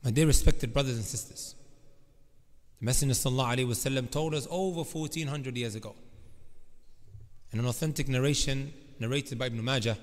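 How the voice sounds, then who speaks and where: A man preaching a sermon, emphatic and often turning to address the congregation directly. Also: mid-range voice. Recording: long reverb of a large hall.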